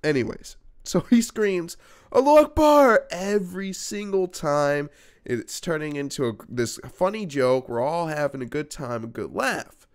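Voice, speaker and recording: A young man tells a personal story in a casual vlog. His delivery is animated and peppered with profanity, and his pitch swings widely as the story builds. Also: moderate pace. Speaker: YouTuber telling a personal story.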